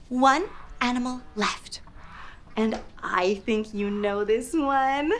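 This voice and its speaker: A woman's voice: on the high side, animated, slight background noise. Sing-song woman teaching toddlers. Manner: sing-song, exaggerated animal noises, spells words slowly. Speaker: children's show host. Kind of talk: toddler learning lesson.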